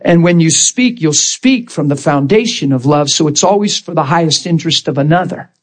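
A man with a notably high voice preaches with dramatic intensity. He retells a story in vivid bursts, leaning hard on key words. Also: brisk. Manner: emphatic, dramatic retelling with sudden loud bursts. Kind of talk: sermon storytelling.

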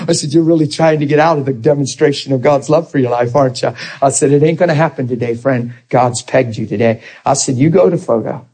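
Husky preacher telling a story. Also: male voice, fairly high pitch, moderate pace. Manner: animated storyteller acting out dialogue. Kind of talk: sermon with storytelling.

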